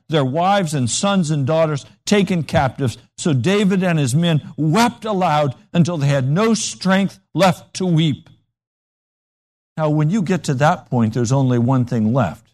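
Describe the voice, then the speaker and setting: A man's voice: on the high side, a little mellow. A man preaching a sermon with dramatic, emphatic storytelling.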